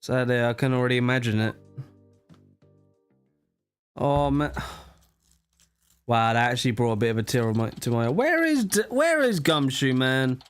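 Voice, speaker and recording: A man's voice: medium pitch, very animated, normal speed, pauses often, clean tone, faint music behind. A man streaming a game, rambling in casual, emotional asides between reading the dialogue. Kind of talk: casual gameplay commentary.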